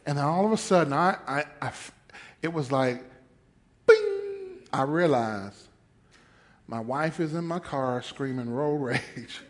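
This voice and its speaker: Male pastor, sermon storytelling, high voice, big swings in pitch, unhurried. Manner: animated storytelling, acts out voices, laughs often.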